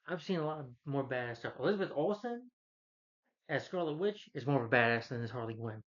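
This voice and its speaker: A man's voice: mid-range voice, expressive, brisk, highs cut off. A man giving a casual, opinionated movie review, rambling with many restarts and fillers.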